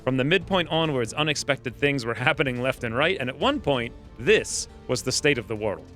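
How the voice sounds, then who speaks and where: Give me a man with a bright, clear voice giving upbeat let's play commentary on a strategy game. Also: medium pitch, animated, normal speed, few pauses, soft background music. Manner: casual, upbeat, explains as he plays. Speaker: gaming channel host.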